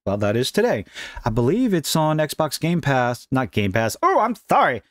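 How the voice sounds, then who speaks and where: Sarcastic ranting man, lively pitch. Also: normal speed, dry recording, studio quality. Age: middle-aged. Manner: sarcastic, mocking, animated delivery. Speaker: gaming commentary host. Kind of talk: ranting commentary vlog.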